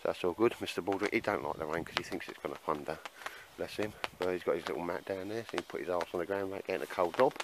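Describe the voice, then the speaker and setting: Deep-voiced man chatting outdoors. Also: racing, few pauses, noisy background. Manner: chatty, laughs often, calls everyone mate. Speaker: bushcraft vlogger. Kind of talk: casual outdoor chat to camera. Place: outdoor woodland camp in rain.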